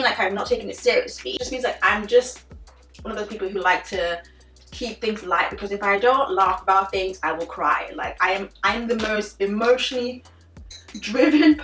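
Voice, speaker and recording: A young woman talks through a casual vlog in a loose, animated way, filling her sentences with "like." She sits a little back from the mic in a roomy space, and faint music plays underneath. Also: mid-range voice, far from the mic. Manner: chatty and animated, frequent "like" fillers. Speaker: beauty vlogger. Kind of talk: casual chit-chat vlog.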